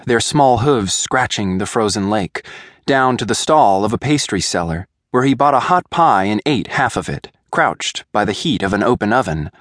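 A man narrating a young-adult fantasy audiobook in a measured, deliberate way. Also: lowish voice, fairly bright tone, dry recording, clean studio sound. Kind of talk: scripted narration.

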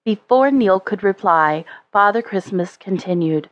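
A woman narrating a children's storybook in a slow, measured way. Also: mid-range voice, dry recording. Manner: slow, expressive, measured reading. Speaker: audiobook narrator.

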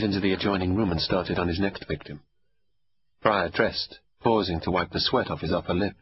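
A man narrating a novel in a measured, quiet reading. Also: sits low, steady tone, lo-fi sound. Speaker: audiobook narrator. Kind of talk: scripted narration.

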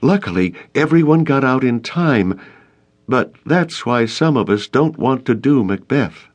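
A man reading an audiobook, voicing a sharp, fearful adult woman in a raised, insistent voice. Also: medium pitch, expressive, unhurried, voice pushed up. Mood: urgent. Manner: insistent, snappish.

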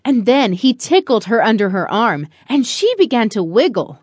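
A woman narrating a rhyming children's picture book in a slow, expressive storytelling manner. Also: fairly high pitch, slightly rough, no echo. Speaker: audiobook narrator.

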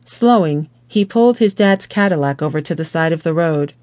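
Slow, measured male audiobook narrator. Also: fairly high pitch, expressive, darkish tone, no echo. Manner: slow, measured, deliberate reading.

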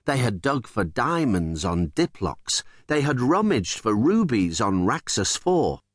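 A man narrating a children's audiobook in an expressive storytelling manner, recorded in a studio. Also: medium pitch, a little slow, no echo.

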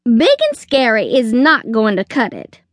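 A woman's voice: fairly high pitch, expressive, measured pace, no room sound. A tough little chick detective, voiced by a woman reader talks in a blunt, no-nonsense way. Her voice is raised and bouncy, and she takes her time. The recording is dry and close. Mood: brusque. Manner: brusque, no-nonsense.

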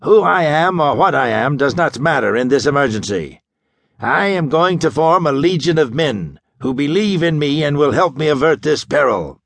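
A man narrating an audiobook and voicing a gaunt, menacing male mastermind with a deep, harsh, rasping voice and grandiose commanding speech. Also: lively intonation, normal speed, dry recording.

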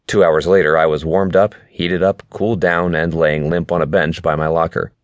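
Very deep-voiced male narrator. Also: level tone, moderate pace, few pauses, no room sound. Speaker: audiobook narrator. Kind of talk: scripted narration.

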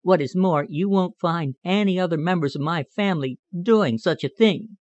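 A man voicing a curious, proud young male cottontail rabbit in an audiobook, quick to protest. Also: high voice, darkish tone, no room sound, dull audio, natural voice. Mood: indignant. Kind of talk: audiobook character reading.

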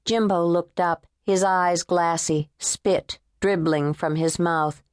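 A woman narrating an unabridged thriller audiobook in a measured, tense storytelling manner. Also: on the low side, steady tone, a little mellow, no room sound, studio quality. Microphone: close studio mic.

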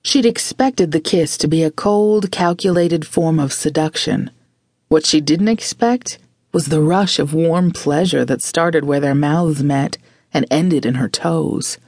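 Brief: woman audiobook narrator, measured and expressive, with a gravelly edge. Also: low voice, dry recording, studio quality. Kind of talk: scripted narration.

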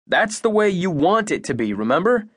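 Male narrator playing a fiery young woman, raised pitch, sarcastic bite, storybook read. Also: very animated, moderate pace, slightly rough, dry recording, studio quality, heavily acted. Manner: sharp and sarcastic.

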